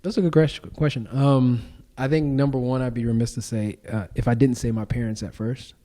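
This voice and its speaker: Man, podcast guest, mellow voice, emphatic, casual slang. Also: medium pitch, fairly quick. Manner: animated, emphatic storytelling with slang. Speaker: podcast guest and show founder.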